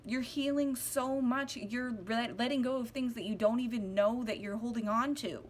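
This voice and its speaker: A woman's voice: a little high, fairly even intonation, moderate pace. A young woman speaking heartfelt and rambling to her viewers, close to tears, with many restarts and fillers. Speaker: spiritual vlogger. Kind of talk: casual heartfelt monologue to camera.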